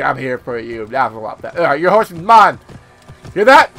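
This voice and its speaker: A man giving let's play commentary over a video game, loud, joking and heavily profane. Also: medium pitch, big pitch swings, measured pace, over music. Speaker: gaming video host.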